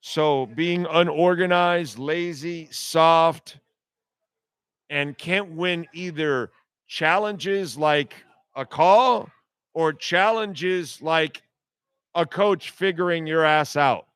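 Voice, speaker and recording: A man's voice: on the high side, slow, fairly bright tone, clean tone, no echo. A man hosting a sports radio show, ranting bluntly and profanely in a heated, repetitive monologue.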